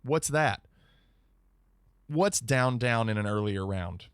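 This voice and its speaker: A man's voice: mid-range voice, animated, slow pace, smooth, no echo, studio quality. A man streamer chatting casually and reacting to viewer alerts on a live stream.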